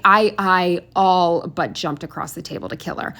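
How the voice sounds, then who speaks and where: A woman's voice: lowish voice, measured pace, hardly any pauses, fairly bright tone. Exasperated young woman, swearing rant. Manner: exasperated, swears a lot, rambling venting. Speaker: planner vlogger. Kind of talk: casual storytime rant.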